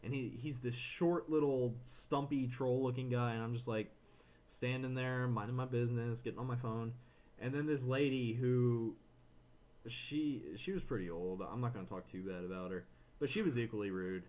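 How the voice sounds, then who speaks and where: A man's voice: mid-range voice, moderate pace, muffled recording. Ranting young man telling a story. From Florida, USA. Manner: animated ranting, acts out others in quotes. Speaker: podcast co-host. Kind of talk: casual storytelling chat.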